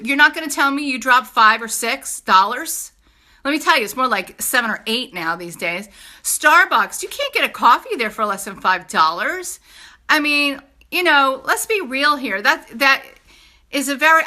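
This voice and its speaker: A middle-aged woman with a New York accent gives an emphatic, persuasive sales pitch in a casual style, often pressing her point with a repeated "okay?". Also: sharp tone. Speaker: product seller.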